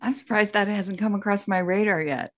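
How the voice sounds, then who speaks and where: Woman podcast host, mid pitch, enthusiastic and chatty, laughs easily. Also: fairly even intonation, a little fast. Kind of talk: conversational interview.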